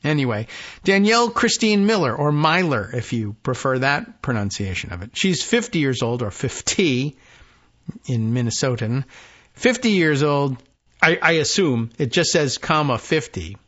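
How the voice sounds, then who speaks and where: A male podcast host reads news items aloud and keeps breaking off into dry, wry asides. His voice sits at a middling pitch. The audio is a bit dull and lo-fi. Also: big pitch swings, moderate pace, fairly bright tone. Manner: dry, wry asides, trails off with "I don't know". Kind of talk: casual political talk, reading news aloud.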